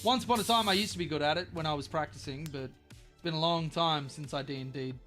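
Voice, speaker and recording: An Australian man with a high-set voice, rambling casually on a stream as he paints miniatures. He is loose and profane and drifts into bits of silly wordplay. Soft music plays quietly behind him. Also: quick pace. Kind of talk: casual live-stream chat.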